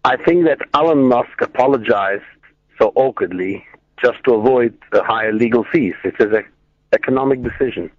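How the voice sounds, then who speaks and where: A male caller in an ordinary middle register, speaking in a deadpan, matter-of-fact way. The line sounds muffled and lo-fi but dry. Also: medium pitch, normal speed, dry recording.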